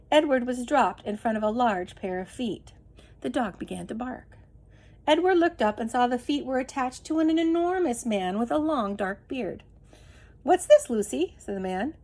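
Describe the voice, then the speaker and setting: A woman reading a children's chapter book aloud in an expressive, measured way. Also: fairly high pitch. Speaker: reader. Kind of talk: storybook read-aloud.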